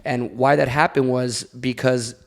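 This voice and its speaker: A man's voice: medium pitch, fairly even intonation, measured pace, creaky. A man talking casually on a podcast, telling candid personal stories in an open, confessional way. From Latin American background. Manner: candid storytelling. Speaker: podcast guest.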